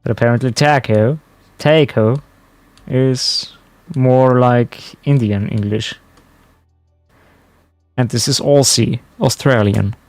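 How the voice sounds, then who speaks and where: A man's voice: mid-range voice, fairly even intonation, takes it slowly, a little mellow, no echo, soft background music. A man chatting casually to his stream viewers while playing, musing aloud as he goes. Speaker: game streamer. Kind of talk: casual live-stream commentary.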